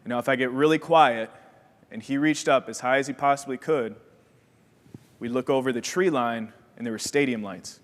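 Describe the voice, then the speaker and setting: A young man from Wisconsin giving a motivational talk as keynote speaker, an energetic storyteller who acts out the voices in his story. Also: mid-range voice, normal speed. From Wisconsin, USA. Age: young adult. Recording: long hall reverb.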